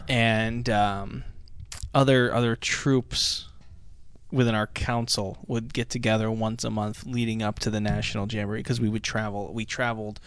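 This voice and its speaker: A man co-hosting a podcast with deadpan, dry one-liners in casual comedic chat, then telling a story. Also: fairly low pitch, normal speed, clear, resonant tone, no echo. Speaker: podcast co-host. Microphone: studio microphone.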